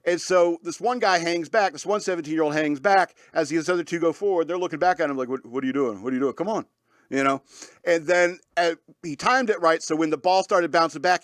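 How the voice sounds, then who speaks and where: A man's voice: a little high, dry recording, clean studio sound. A man hosting a talk radio show, rambling in a casual monologue with lots of fillers and frequent laughs.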